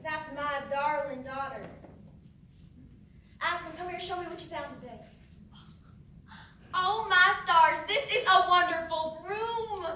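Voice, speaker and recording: A woman plays an eerie doting mother in a low-budget short film. She is sugary sweet, then coldly morbid about a lost son. Her high voice comes from a distance, with strong room echo and noise behind it. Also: a bit bright. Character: eerie doting mother of grown children, dwells on a dead son. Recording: echoey room, mic from afar, noisy.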